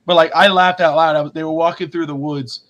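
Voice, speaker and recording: Animated, bright-voiced podcast co-host man. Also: fairly high pitch, fast. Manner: animated storyteller, acts out quotes, swears casually. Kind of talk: casual sports podcast chat.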